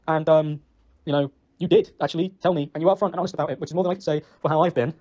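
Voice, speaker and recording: Young British guy, choked up and self-blaming, mellow tone, talks in a fast spill. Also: on the high side, steady tone, dull audio. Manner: rambling, self-reproaching, swears often. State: emotional, choked up. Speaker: ex-boyfriend leaving an apology message. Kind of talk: recorded personal voice message.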